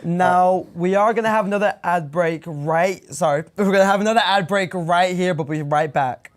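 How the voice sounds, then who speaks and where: A young man hosting a student TV chat show in a studio, upbeat and brisk. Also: high-pitched. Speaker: host.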